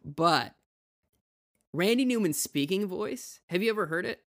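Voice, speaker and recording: A man's voice: high-pitched, lively intonation, measured pace, a bit bright. A man hosting a podcast over a video call, chatty and laughing easily. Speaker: podcast host. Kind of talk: casual podcast interview.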